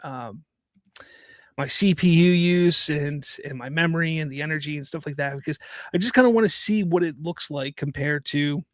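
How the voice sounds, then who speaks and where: A man's voice: a little high, normal speed, a bit bright, dry recording. A man in his thirties co-hosting a podcast, easygoing and agreeable, laughing often in casual chat. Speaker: podcast co-host.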